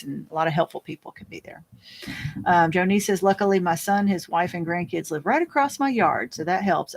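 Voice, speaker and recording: Woman, host, gravelly voice, casual live chat, reads viewer comments, rambling, laughs a lot. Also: low-pitched. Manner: chatty and rambling, laughs often, many restarts; talks fast by habit.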